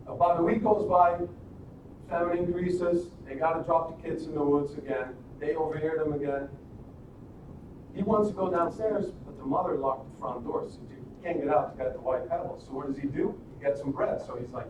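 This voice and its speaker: A live stream host with a fairly high voice talks a little fast, rambling animatedly through a story and motivational talk with frequent restarts and rhetorical questions. He sounds distant from the mic in a very echoey room, with dull audio and a steady background noise.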